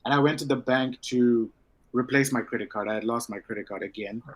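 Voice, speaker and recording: Man, mid-pitched voice, easygoing, telling a story in a casual chat. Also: brisk. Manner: relaxed anecdotal storytelling.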